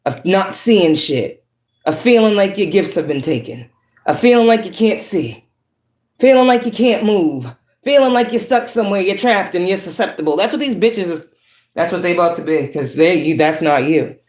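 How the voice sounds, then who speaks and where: A woman's voice: on the low side, normal speed. Woman tarot reader, preachy and profane, roomy echo. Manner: profane, preachy, shifts between calm and harsh. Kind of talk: spiritual reading monologue.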